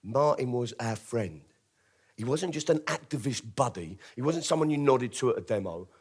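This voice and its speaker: A man's voice: mid-range voice, expressive, normal speed, darkish tone, slightly rough. A male comedian from Britain telling a true story on stage in a wry, theatrical way, acting out the other people's lines. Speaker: stand-up comedian. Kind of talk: live storytelling comedy show.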